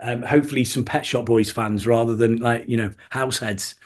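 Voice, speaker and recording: A man's voice: medium pitch, moderate pace. A man telling casual stories in an interview, full of laughs and restarts, acting out quoted customers. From England. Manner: animated anecdotes with laughs and restarts. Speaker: guest, DJ and record shop worker.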